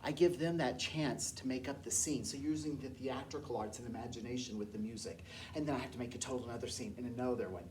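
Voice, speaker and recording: A woman music teacher, enthusiastic and lively, explaining and leading a workshop. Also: a bass voice, quick pace, distant mic, slight background noise.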